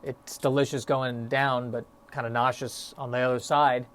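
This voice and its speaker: A man's voice: medium pitch, little pitch movement, normal speed, a bit bright, a little hiss or hum. Rambling, self-mocking podcast man. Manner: self-deprecating, stop-start musing with frequent fillers. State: a bit out of breath. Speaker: solo podcast host. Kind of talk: rambling solo podcast monologue.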